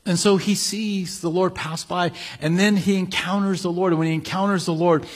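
A man's voice: high voice, steady tone, normal speed. A male pastor preaching a sermon, reading scripture with building emphasis and then explaining it casually.

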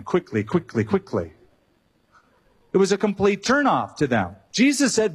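A man preaching a sermon, animated, with joking asides and acted-out quotes. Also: high-pitched, husky. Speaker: pastor.

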